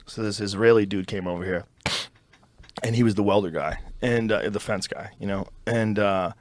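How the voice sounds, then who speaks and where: A man hosting a podcast, telling a story in an animated, profane, casual way. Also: on the low side, normal speed, dry recording. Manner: animated, profane, acts out voices in his stories. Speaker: podcast host.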